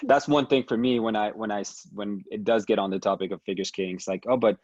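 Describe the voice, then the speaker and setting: A man from Canada, a figure skater, telling stories in an animated, casual way over a video call, with frequent restarts. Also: on the low side, quick pace, dry recording, muffled recording. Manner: animated storytelling with many restarts and laughs. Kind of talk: casual conversation.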